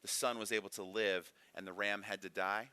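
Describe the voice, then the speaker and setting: A man on the low side speaks at normal speed with a steady, sharp, clear, and resonant voice, captured dry. In a church classroom, he gives a conversational Bible lesson, often adding a rhetorical "right?"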